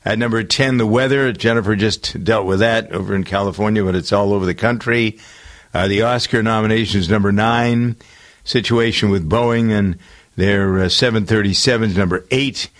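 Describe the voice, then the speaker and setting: A man's voice: lowish voice, steady tone, moderate pace. A man hosting a talk radio show, counting down the week's stories in a loose, meandering way full of filler uhs. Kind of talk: casual radio chat.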